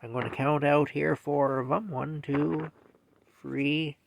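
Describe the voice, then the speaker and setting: An older man chatting casually in a bedtime vlog from his camper, rambling and repeating himself and talking softly to his cat. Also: on the high side, steady tone, slow, vocal fry, background noise. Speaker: vlogger. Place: small camper in a field, at night.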